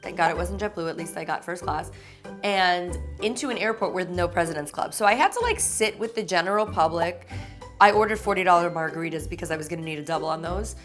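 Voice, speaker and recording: A woman's voice: lowish voice, animated, fast talker, fairly bright tone, faint music behind. A woman hosting her own vlog, telling stories in a sarcastic, gossipy way and swearing freely. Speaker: vlog host. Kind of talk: confessional to-camera storytelling.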